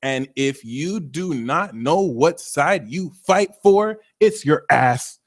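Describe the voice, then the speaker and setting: A man hosting a live astrology Q&A stream, talking in a theatrical, excitable, jokey way. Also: fairly high pitch, slow.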